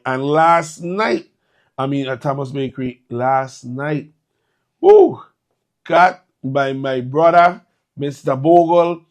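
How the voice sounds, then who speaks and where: A man with a U.S. hosting a live morning show, upbeat with hyped greetings and local slang. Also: fairly high pitch.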